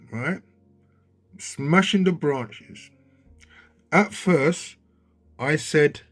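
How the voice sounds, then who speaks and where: A man with a husky, slightly rough voice talks over footage in a loose, conversational way. He grows excitable and keeps checking in with his listener. Faint music plays behind him. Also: mid-range voice. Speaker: video commentator. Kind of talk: casual commentary over footage. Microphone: handheld mic.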